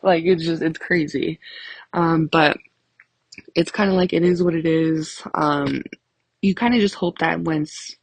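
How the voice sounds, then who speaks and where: Young woman, low husky voice, gravelly, profane rambling storytelling, dry close sound. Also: fairly even intonation, measured pace, no room sound, low-quality recording. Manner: profane, rambling, laughs a lot. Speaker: vlogger. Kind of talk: casual storytelling.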